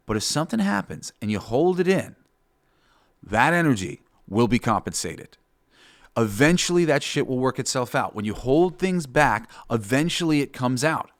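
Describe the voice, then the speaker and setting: Guy hosting a podcast, rambly and sweary, lots of ums and you knows, middle pitch. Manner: rambling, profane, with many fillers. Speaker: podcast host. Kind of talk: casual spoken monologue.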